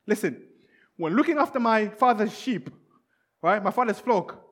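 A man's voice: high-pitched, expressive, moderate pace, fairly bright tone. A man voicing a confident young shepherd boy in a raised, eager voice. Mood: boastful. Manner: eager, pleading, boastful.

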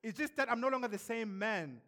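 Man doing a raised, urgent plea, higher and louder than his sermon voice. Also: expressive, fairly quick, heavily acted. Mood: pleading. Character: man pleading to be understood by old friends.

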